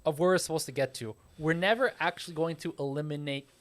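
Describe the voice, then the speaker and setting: A man's voice: a little high, quick pace, a bit bright. A man co-hosting a podcast in casual chat, explaining things emphatically and swearing a lot. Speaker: podcast co-host.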